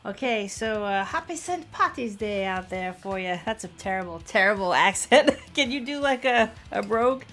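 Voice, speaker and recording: A woman's voice: medium pitch, lively intonation, moderate pace, hardly any pauses, fairly bright tone. A middle-aged woman from Long Island hosting a casual podcast, chatting and laughing often, reading notes about whiskey in a studio. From Long Island, New York. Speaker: podcast host. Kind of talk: casual chat.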